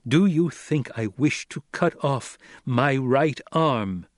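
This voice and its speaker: A man voicing a young noble heir who speaks slowly, coldly and with command, in a dry audiobook recording. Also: fairly high pitch, lively intonation, no echo, pitched above the performer's own voice, lightly acted. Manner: slow, cold, commanding delivery.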